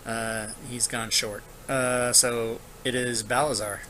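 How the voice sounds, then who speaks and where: A man's voice: medium pitch, level tone, slow, sharp tone, slight background noise, poor audio. A man running an online tabletop game as dungeon master, narrating monster turns casually with lots of filler. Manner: casual, thinking aloud with frequent filler.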